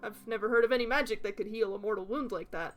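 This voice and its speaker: A woman's voice: mid-range voice, fast talker. A young woman streaming a game, reading its text aloud and bantering in a giggly, teasing way.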